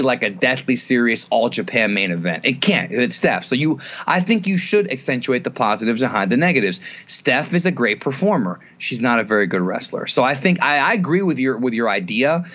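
Excited man pitching wrestling ideas. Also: a little fast, hardly any pauses, lo-fi sound. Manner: animated, pitches booking ideas, many restarts. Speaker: podcast co-host. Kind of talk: casual wrestling chat.

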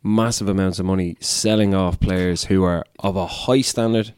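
A man's voice: deep voice, fairly even intonation, normal speed, a little mellow, smooth, no room sound. A man co-hosting a sports podcast, questioning and argumentative in casual chat. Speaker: podcast co-host.

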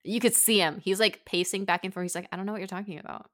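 A young woman host in casual chat, telling a story and acting out quotes with big jumps in her voice. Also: fast talker. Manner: animated, acts out quotes with big pitch jumps.

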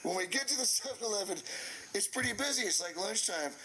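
A man telling a funny story casually, animated and laughing as he goes, swearing freely. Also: high voice, fast talker, husky, poor audio. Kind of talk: casual anecdote.

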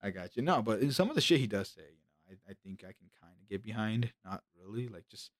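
A man's voice: lowish voice, lively intonation, quick pace, no room sound, studio quality. A man co-hosting a podcast, joking around in casual banter, stammering and swearing often. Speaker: podcast co-host.

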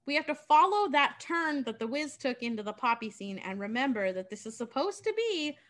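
A woman's voice: high voice, very animated, brisk, a bit bright. A woman casually retelling a story, chatty and profane, with lots of "like.". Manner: chatty, profane, filler-heavy.

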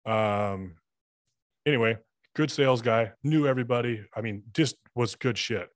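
A man's voice: mid-range voice, moderate pace, dry recording. A man chatting as a podcast guest, telling rambling, profane stories and acting out dialogue. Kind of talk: casual storytelling chat.

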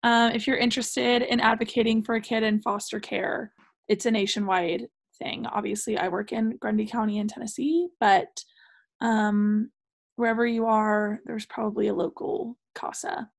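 A woman's voice: fairly high pitch, little pitch movement, normal speed, gravelly. A woman joining a podcast as a guest, chatting in an earnest, bubbly way. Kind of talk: casual chat.

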